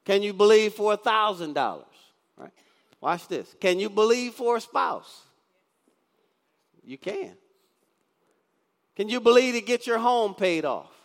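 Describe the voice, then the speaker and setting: A man's voice: high-pitched, animated, measured pace, long pauses. A male pastor in his fifties preaching a sermon, often asking the congregation questions and reading scripture aloud. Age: 50s. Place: church sanctuary. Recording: long church reverb.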